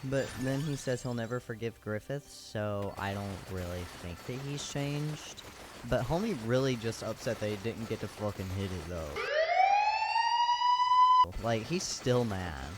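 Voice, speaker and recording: A man's voice: on the low side, measured pace, very noisy. A man doing a crude, sarcastic comedy recap of an anime, full of slang and swearing.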